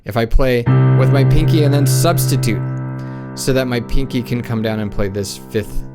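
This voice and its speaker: A man teaches piano in a relaxed, chatty way, sometimes counting the beats aloud. His voice sits at an ordinary middle pitch. A piano plays loudly underneath much of his talking. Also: moderate pace. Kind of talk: casual piano lesson. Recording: piano playing loudly behind the voice.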